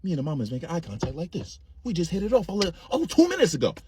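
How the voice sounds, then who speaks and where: A man's voice: fairly high pitch, huge pitch swings, racing, warm tone, slight background noise. A young man casually telling a funny story in slangy, profane speech. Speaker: comedic storyteller.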